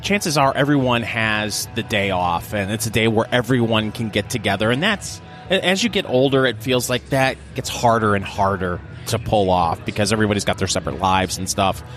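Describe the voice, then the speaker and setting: A middle-aged man chatting casually as co-host, thoughtful and a bit halting, with self-deprecating humor. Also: lowish voice, a bit bright, faint music behind. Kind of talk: casual chat.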